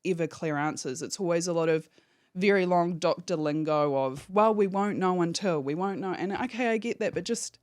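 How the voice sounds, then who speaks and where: A woman's voice: on the low side, moderate pace, darkish tone, no room sound, studio quality. A woman, a podcast guest giving a candid, emotional personal account and swearing freely. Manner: candid, swears freely, acts out phone calls in quotes.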